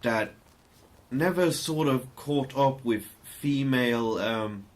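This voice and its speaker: A man's voice: mid-range voice, slow pace. A man co-hosting a podcast in casual chat, profane and rambling, with hesitant fillers. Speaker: podcast co-host.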